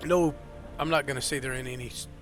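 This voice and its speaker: A man narrates as dungeon master, his voice bright and pushing forward. He rambles and backs up to fix his words. Soft music plays behind him. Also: medium pitch, fairly even intonation, quick pace. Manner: rambling, self-correcting, many fillers. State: has the hiccups. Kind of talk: narrating a tabletop game.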